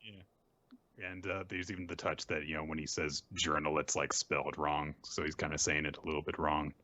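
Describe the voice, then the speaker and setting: A deep-voiced podcast host gives a casual manga recap, bright and forceful in tone, with little pitch movement and normal speed. He acts out bits of the characters' dialogue as he retells each scene. The recording is dry and slightly muffled.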